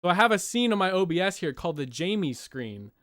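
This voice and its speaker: A young man from Canada hosting a podcast over a call, talking in a rapid, rambling way and swearing casually. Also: high-pitched, very animated, a bit bright, no echo, clean studio sound. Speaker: podcast host.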